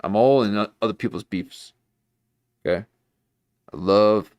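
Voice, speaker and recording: A deep-voiced man hosts a casual livestream, rambling and mocking himself as he talks. His voice sits close and dry, with no room sound around it. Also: a little slow, darkish tone, no echo. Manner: rambling, self-mocking, jumps into mock voices. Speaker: livestream host.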